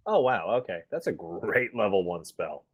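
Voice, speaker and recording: A man in a tabletop game talks in a lowish, very lively voice. He is boisterous, laughs often and swears freely. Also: moderate pace, husky, no echo. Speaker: player. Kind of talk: casual chat during a tabletop game.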